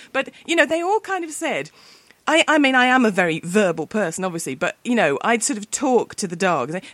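A woman's voice: fairly high pitch, sing-song, brisk, fairly bright tone, no echo. Chatty British woman interviewer. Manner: chatty, self-deprecating, mimics voices in stories. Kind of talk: conversational interview.

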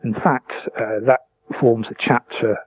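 A man's voice: medium pitch, fairly even intonation, slight background noise. Older man reading over a tinny phone line. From England. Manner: measured, reflective storytelling. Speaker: author and retired vet. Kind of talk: interview with a book reading.

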